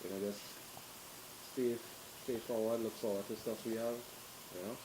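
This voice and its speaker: A man with a Trinidadian accent telling stories to the camera in a lively way, laughing and acting out what friends said. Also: lowish voice, normal speed, background noise. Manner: animated, laughing, acts out quotes. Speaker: group member telling stories. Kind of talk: casual storytelling to camera.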